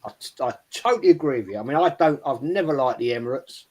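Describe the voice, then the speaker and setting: A man's voice: medium pitch, expressive, quick pace, darkish tone. A man, telling a rambling, swearing story on a football podcast. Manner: swearing, rambling, lots of "right?". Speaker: podcast panelist, Arsenal fan. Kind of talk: casual football chat, storytelling.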